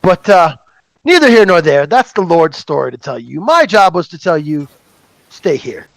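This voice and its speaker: A man's voice: a little high, very animated, normal speed, vocal fry, a bit bright, dry recording, heavily acted, low-quality recording. A man voicing a blunt, plainspoken hired swordsman in a tabletop game. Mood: calm.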